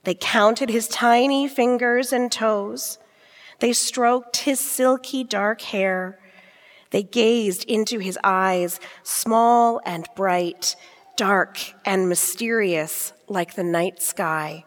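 A woman reading a nativity story aloud in a church, gentle and repetitive in her storytelling. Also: medium pitch, takes it slowly. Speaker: scripture storyteller. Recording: long church-hall reverb.

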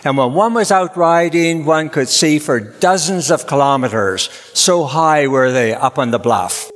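A man, an Anglican priest giving an Easter sermon in a measured, storytelling way. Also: a little high, lively intonation. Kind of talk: Easter sermon with a told joke. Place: large church. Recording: long church reverb.

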